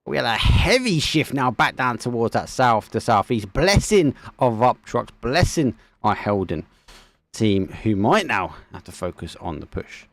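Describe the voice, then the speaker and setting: Gravelly Essex man casting esports. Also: mid-range voice, very animated, unhurried, a bit bright, no room sound. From England. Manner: chatty, casual, friendly. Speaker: esports caster. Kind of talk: live game commentary with chat.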